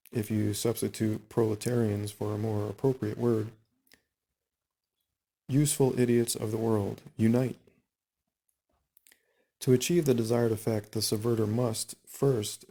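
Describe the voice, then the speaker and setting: A man reading book excerpts aloud and adding his own comments, unhurried and full of pauses and fillers. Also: on the low side, warm tone. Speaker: reader and commentator.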